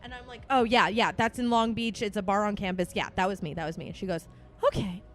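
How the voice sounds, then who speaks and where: A woman's voice: mid-range voice, quick pace. A woman in her twenties hosting a casual podcast, telling a story with lots of swearing and acted-out quotes. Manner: animated, swearing, acts out quotes. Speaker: podcast host.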